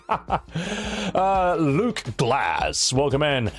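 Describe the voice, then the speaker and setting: A man's voice: medium pitch, lively intonation, moderate pace, soft background music. A man chatting casually on a live stream, blunt and opinionated, swearing freely and rambling through his points with restarts.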